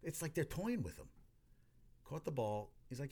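A man's voice: fairly high pitch, sing-song, moderate pace, mellow, breathy edge. A man giving casual, rambling sports talk, full of cursing, restarts and exclamations.

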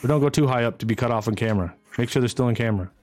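A man narrating as game master of a streamed tabletop game, energetic and chatty, swinging into excited whoops. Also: medium pitch, very fast, soft background music.

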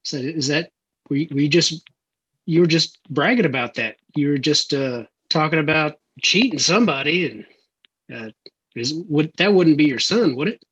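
A man playing a Western tabletop game, talking in a hesitant, halting way. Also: a little high, lively intonation, fairly bright tone, husky, highs cut off. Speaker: player. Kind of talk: tabletop role-play.

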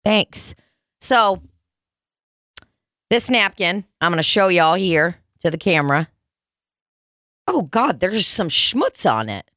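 A woman hosts a podcast, speaking slowly with frequent pauses in a dry, studio-quality recording. She tells stories in casual, animated chat full of swearing, acting out customers in high, squeaky voices.

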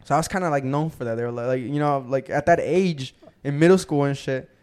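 Fast-talking young man telling a story. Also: mid-range voice, clean tone. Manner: profane, animated storyteller who acts out quotes. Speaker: podcast host. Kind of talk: casual storytelling chat.

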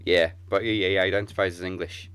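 A man with a fairly low voice chats in a relaxed, easygoing way. The sound is dry and close, with no room echo. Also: fast, clean tone. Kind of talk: casual chat.

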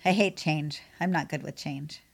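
A woman's voice: sits low, normal speed, creaky. A middle-aged woman co-hosting a podcast about pet grooming, chatting casually and laughing often. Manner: chatty, laughs often, mimics her cat meowing. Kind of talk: casual chat.

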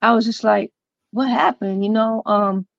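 A woman's voice: on the high side, fairly even intonation, normal speed, vocal fry, no room sound, lo-fi sound. A woman guest on a podcast, recounting her own story in a loose, conversational way with many fillers and quoted dialogue. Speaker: interview guest. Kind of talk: personal storytelling in a podcast interview.

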